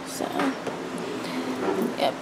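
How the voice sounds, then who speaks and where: A woman's voice: very slow, heavy background noise. A pregnant young woman rambling in a casual vlog, cranky and stressed. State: pregnant and tired. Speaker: vlogger.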